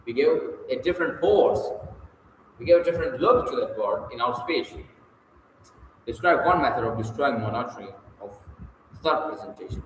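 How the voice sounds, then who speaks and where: Man, reads aloud in punchy phrases, pauses often, answers questions off the cuff, heavy long room echo, faint background hiss. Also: mid-range voice, animated. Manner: reads in short, emphatic bursts with pauses. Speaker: reader working through a textbook. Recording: very echoey room with long reverb, faint noise.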